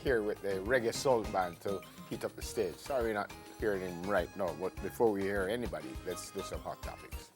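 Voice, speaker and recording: A man with a Jamaican accent, co-hosting a morning TV show with relaxed banter and careful news reading. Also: deep voice, music in the background. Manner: relaxed banter, reads quoted text slowly. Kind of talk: studio chat and news reading. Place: TV studio.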